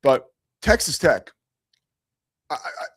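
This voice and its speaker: A man's voice: mid-range voice, sing-song, slow, a bit bright, slightly rough, no echo, clean studio sound. A man hosting a sports talk show, telling a story in a rambling, self-mocking way with lots of fillers. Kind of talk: casual storytelling monologue.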